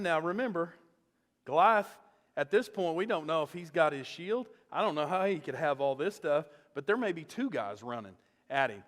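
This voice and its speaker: Animated male preacher in a reverberant church. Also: a little high, moderate pace. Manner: animated storytelling, acting out the characters. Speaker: pastor. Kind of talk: sermon. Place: church sanctuary.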